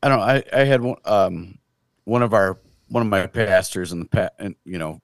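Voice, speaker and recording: A podcast co-host with a gravelly, fairly low voice talks at normal speed about faith, casual and reflective, often trailing off before finishing a thought. There's no room sound.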